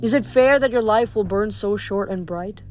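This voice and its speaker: A woman reading aloud, voicing a calm, solemn male god of death in a storybook. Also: mid-range voice, moderate pace, soft background music, lightly acted. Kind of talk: audiobook reading.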